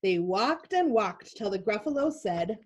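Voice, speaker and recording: A woman's voice: mid-range voice, big pitch swings, measured pace, slightly rough. A woman narrating a picture book aloud to a class over a video call. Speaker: teacher.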